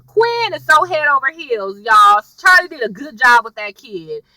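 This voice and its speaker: Woman vlogger, fairly high and very bright, swoops all over in pitch, talks to viewers as y'all, dry close sound. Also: normal speed, no echo, distant mic, poor audio. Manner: chatty, animated, addresses viewers as y'all. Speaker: TV recap vlogger. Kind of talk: casual episode recap.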